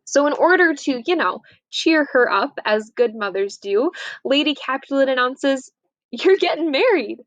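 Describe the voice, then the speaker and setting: Woman, young adult, teacher, casual lesson recap, chatty, fairly high voice, dry close sound. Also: normal speed, no room sound, poor audio. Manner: chatty, lively, acts out quotes. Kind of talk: casual summary of a play.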